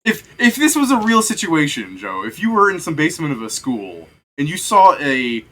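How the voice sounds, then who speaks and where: Young guy gm rambling through a story, lots of swearing, bright voice. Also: a little high, sing-song, normal speed. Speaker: game master. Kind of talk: casual chat between game sessions.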